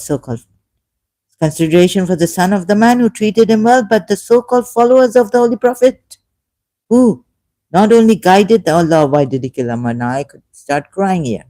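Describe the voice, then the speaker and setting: A man giving an emotional solo commentary, swinging between loud outbursts and quiet asides. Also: sits high, no room sound. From Shia Muslim background. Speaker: ex-Muslim commentator.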